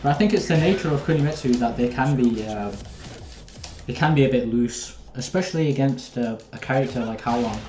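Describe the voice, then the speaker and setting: A man's voice: medium pitch, fairly quick, a little mellow, faint music behind. A young man, chatting casually with viewers while commenting on his own live gameplay. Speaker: streamer. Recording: roomy echo.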